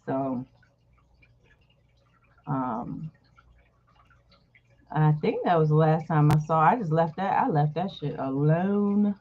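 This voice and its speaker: A woman's voice: low voice, slow pace, pauses often, a little hiss or hum. A woman host casually telling a personal story to her viewers, candid and blunt, swearing freely. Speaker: channel host. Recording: dull lo-fi recording.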